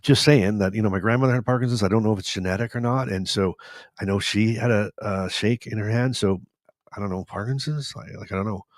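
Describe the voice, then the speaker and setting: A man in his forties, from Canada, hosts a live stream and tells his own story in a candid, rambling way, acting out what people said. His voice sits a little low and is recorded dry and close, with no room sound. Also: fast, no room sound. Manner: candid, rambling, animated retelling with self-quotes. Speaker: host.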